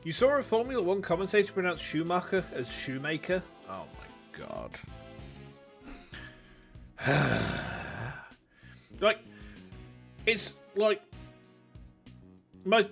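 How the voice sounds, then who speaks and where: A man's voice: fairly high pitch, a bit bright. A man with a Yorkshire accent, a streamer chatting casually while gaming, rambling and joking with some swearing. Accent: Yorkshire English. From Yorkshire, England. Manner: rambling, profane, jokey.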